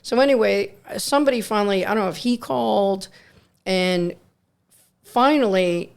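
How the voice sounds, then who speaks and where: A woman's voice: mid-range voice, moderate pace, vocal fry, clean tone. A middle-aged woman, a nurse co-hosting a podcast, telling rambling anecdotes in casual chat and acting out quotes.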